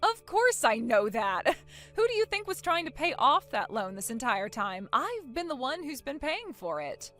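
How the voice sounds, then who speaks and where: A smug young wife answers in a soft, cool and sarcastic tone, voiced by a woman. Her slightly high voice still moves freely in pitch. Faint music runs underneath this animated story. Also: a little slow, full character voice. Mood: mocking.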